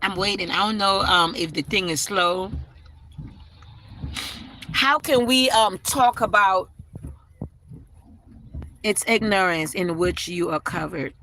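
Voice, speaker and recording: Woman musing on a livestream, bright-voiced. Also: mid-range voice, slow, pauses often, slight background noise, low-quality recording. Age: adult parent. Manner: emotional, tearful at times, many "right?" asides. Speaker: livestream host. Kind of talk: casual spiritual livestream chat.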